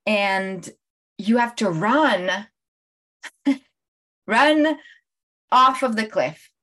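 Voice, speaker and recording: A middle-aged woman speaks casually to her livestream viewers as a coach. She is animated and chatty and breaks into laughter often as she tells her stories. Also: medium pitch, extremely slow. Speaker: life coach hosting a livestream. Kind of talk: casual live-stream talk to viewers.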